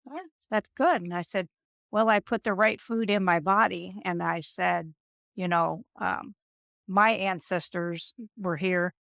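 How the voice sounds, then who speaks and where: Drawing on her nursing work, a woman in her fifties gives a storytelling interview as a guest, her low-leaning voice unhurried and creaky. She animates her stories by mimicking the people she quotes. The sound is close and dry, with no room sound.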